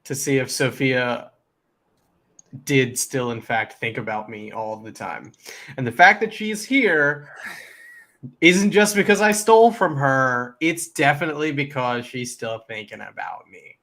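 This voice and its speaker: A man at a tabletop role-playing session, cracking jokes and asking the game master questions. His voice sits at an ordinary middle pitch, and he keeps the tone light and playful. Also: measured pace, a bit bright. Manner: joking, playful. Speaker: player. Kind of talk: casual tabletop chat.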